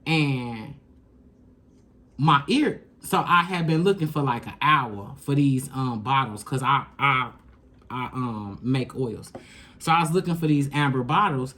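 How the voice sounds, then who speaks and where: A woman giving a casual tarot reading, talking straight to the viewer in emphatic, slangy, profane bursts that jump from loud and high to low and quiet. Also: a little slow. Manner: emphatic, slangy and profane, coaching the listener directly. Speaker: tarot reader.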